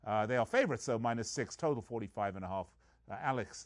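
A man's voice: mid-range voice, lively intonation, quick pace, dry recording, studio quality. A man hosting a sports betting show, chatting casually with wisecracking jokes and playful sales patter. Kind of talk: casual podcast chat.

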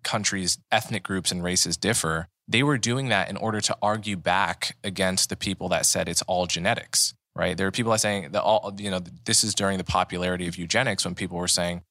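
A man's voice: sits low, fairly even intonation, brisk, hardly any pauses, bright, forceful tone, no echo, clean studio sound. A man hosting a podcast interview, explaining his ideas earnestly and restarting phrases as he reasons. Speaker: podcast host. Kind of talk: conversational interview.

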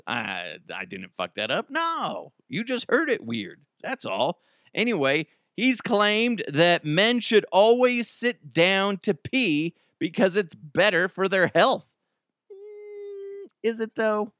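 A man's voice: high voice, fairly bright tone, no room sound, studio quality. A man hosting a casual podcast from home, rambling, joking and riffing. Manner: rambling, jokey, riffing into silly voices. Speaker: podcast host. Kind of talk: casual solo podcast chat. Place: home basement.

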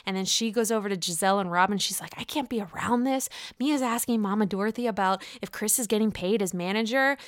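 A woman's voice: a little high, bright, forceful tone, clear, resonant tone, no echo, clean studio sound. A woman giving a casual, sassy, profane recap of a reality TV episode, acting out the cast's lines. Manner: sassy, profane, acts out quotes with voices.

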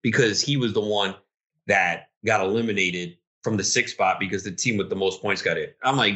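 Young guy venting about league rules, low-ish voice but bright and sharp, gets worked up. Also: fairly quick. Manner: heated, exasperated ranting. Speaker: league commissioner, co-host. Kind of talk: casual podcast chat.

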